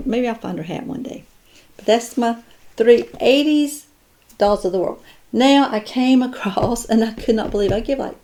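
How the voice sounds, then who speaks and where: A woman's voice: medium pitch, a little mellow. A woman chatting casually as she shows off her doll collection, admiring each piece and thinking aloud. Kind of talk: casual unboxing chat.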